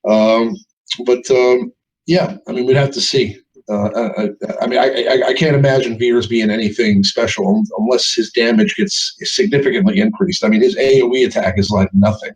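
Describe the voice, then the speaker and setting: A man hosting a casual live gaming show, often halting and restarting his words. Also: mid-range voice, breathy edge, low-quality recording.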